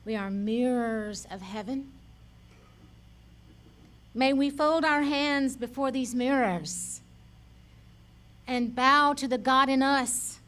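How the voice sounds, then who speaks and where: A woman leading a church service, gently reading a solemn prayer and introducing the next speaker. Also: high-pitched. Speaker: service leader.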